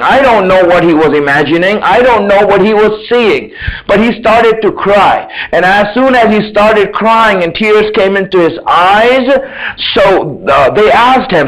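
A man's voice: high voice, lively intonation, measured pace, fairly bright tone, poor audio. A man preaching a religious sermon, telling a story in an impassioned way that rises to tearful intensity.

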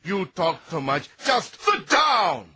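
An actor playing a proud, quick-tempered temple elder in a dubbed film, commanding and scornful. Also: male voice, a little high, expressive, very noisy, close to an everyday voice.

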